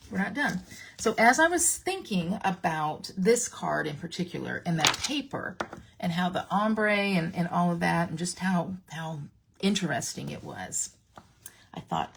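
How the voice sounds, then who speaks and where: A woman's voice: medium pitch, vocal fry, slight background noise. A woman giving a casual card-making tutorial, chatty and playful, speaking directly to her viewers as she works.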